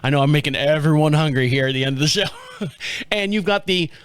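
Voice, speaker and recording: This podcast host is a middle-aged Southern American man who talks fast in a fairly high, smooth voice with no echo. His casual chat rambles along with plenty of jokes and frequent chuckles.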